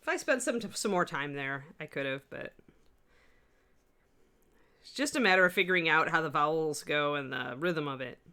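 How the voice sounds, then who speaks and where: On a live stream, a woman with a slight West Coast accent teaches miniature sculpting, chatting casually and wandering into rambling asides as she works. Her voice is deep, bright and forceful, with lively intonation. She talks at a moderate pace and pauses often.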